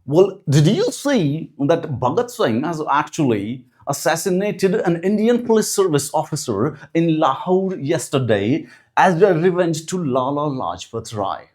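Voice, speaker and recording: A man voicing a pompous British colonial-era official in a fake British accent, speaking slowly and loftily. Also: on the high side, big pitch swings, darkish tone. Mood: lofty. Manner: slow, lofty, self-critical speechifying.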